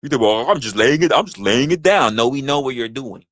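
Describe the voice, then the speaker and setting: A man's voice: medium pitch, expressive, fairly quick, fairly bright tone, no room sound. A man hosting a livestream in casual chat, rambling, crude and joking, repeating his phrases into a close mic. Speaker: livestream host.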